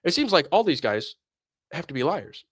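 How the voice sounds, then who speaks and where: Lively, sarcastic man ranting. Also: fairly high pitch, normal speed, slightly rough, dry recording, studio quality. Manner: animated, sarcastic, mocking. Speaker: streamer, commentator. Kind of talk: casual commentary rant.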